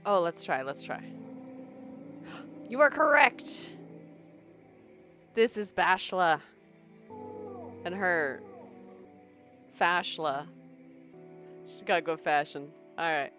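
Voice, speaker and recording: A woman's voice: fairly low pitch, slow pace, long pauses, a bit bright. Woman game streamer, casual chatty commentary, faint music under. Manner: chatty, laughs often.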